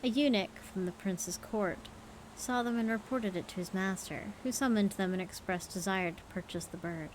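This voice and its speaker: A woman streaming, reading folk stories aloud in a relaxed, playful way. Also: mid-range voice, moderate pace, a little hiss or hum, poor audio. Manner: casual, playful, tired late in the stream. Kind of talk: storytelling livestream.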